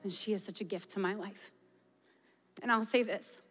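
A woman in her forties giving a passionate sermon testimony and prayer, at times dropping to a hushed voice. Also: medium pitch, fairly even intonation, normal speed. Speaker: preacher. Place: large church hall. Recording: reverberant hall with soft music. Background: soft music.

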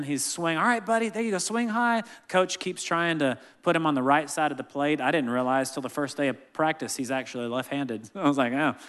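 Bright-voiced man preaching in a reverberant hall. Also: fairly high pitch, clear, resonant tone. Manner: animated storytelling, acts out family members' voices. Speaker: pastor. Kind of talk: sermon with family stories.

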